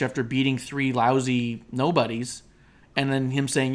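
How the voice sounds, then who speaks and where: A fairly bright, medium-pitched voice at normal speed belongs to a podcast co-host discussing wrestling over an online call. He rambles with fillers, emphatic and full of opinions.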